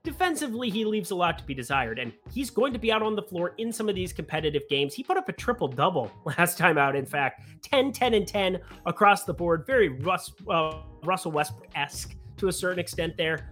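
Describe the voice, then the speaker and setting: A man's voice: high voice, fairly quick, hardly any pauses, soft background music. A man hosting a casual sports betting show, chatting through his picks with joking asides about himself. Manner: animated, chatty, with self-mocking asides.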